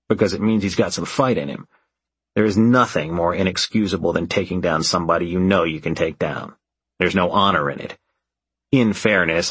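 Male audiobook narrator, very low, husky, gritty and wry, first person, dry close recording. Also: a bit bright, no echo.

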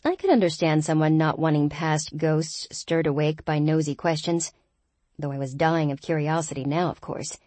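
A woman reads a first-person audiobook with a wry, lightly humorous touch. Her voice is low, and the recording is dry and close, with no room echo. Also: fairly even intonation, moderate pace, darkish tone. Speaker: audiobook narrator.

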